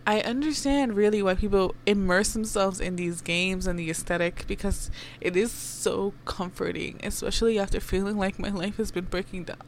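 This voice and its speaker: A woman's voice: mid-range voice, fairly even intonation, moderate pace, few pauses, slight background noise. A young woman hosting a podcast, ranting candidly and rambling, swearing freely and dropping Spanish phrases. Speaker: podcast host. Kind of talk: casual personal rant.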